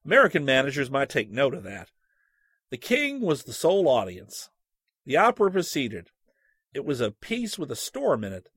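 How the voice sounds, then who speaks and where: A man narrating a humorous classic text with expressive, animated storytelling. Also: mid-range voice, normal speed, slightly rough, no room sound, studio quality.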